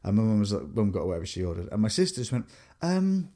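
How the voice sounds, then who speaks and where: Lively English man telling stories. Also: lowish voice, fast talker. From England. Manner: animated storyteller, lots of fillers and restarts. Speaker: podcast co-host. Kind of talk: casual podcast chat.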